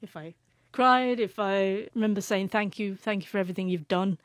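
A woman's voice: mid-range voice, moderate pace, dry recording. Brief: stuttering woman, young adult, author guest, dry close mic, sincere storytelling. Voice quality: stutters, repeats sounds. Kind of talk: emotional personal storytelling.

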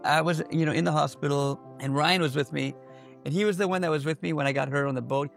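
A man giving a candid personal account in an interview, halting, with many fillers and restarts. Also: on the high side, fairly even intonation, creaky, soft background music.

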